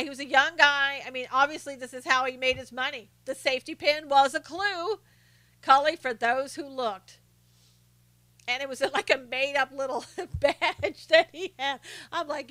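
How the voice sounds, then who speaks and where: A woman's voice: high-pitched, moderate pace, no room sound. A woman hosting a live stream in casual chat, telling stories with frequent laughs and greeting viewers by name as she answers their comments. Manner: animated storyteller with frequent laughs.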